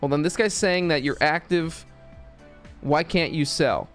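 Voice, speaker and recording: A man's voice: fairly high pitch, measured pace, a bit bright, soft background music. A man streaming a game, talking casually in a rambling, profane way. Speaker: gaming streamer.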